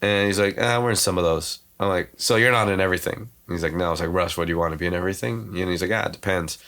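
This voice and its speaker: Deep-voiced man telling stories casually. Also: fairly bright tone. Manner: slangy, quotes others' words in quick reenactments; loose, full of filler "like" and "you know". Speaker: podcast guest. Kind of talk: casual storytelling chat.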